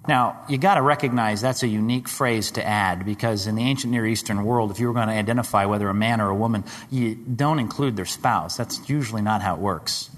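A man preaching a sermon, dramatic, rising to loud high questions and dropping to hushed low tones. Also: brisk, hardly any pauses. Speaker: pastor. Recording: long hall reverb.

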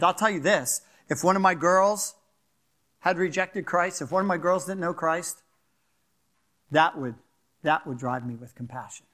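An older man with a Philadelphia accent preaching a sermon as pastor, talking fast and animated and often asking the crowd "right?". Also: sits high.

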